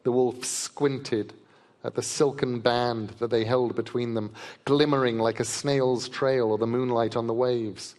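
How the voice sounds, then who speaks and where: A man, an author, reading a myth aloud to a live festival audience in a measured, vivid storytelling manner. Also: medium pitch, steady tone, darkish tone. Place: large festival hall. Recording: long reverb of a large festival hall.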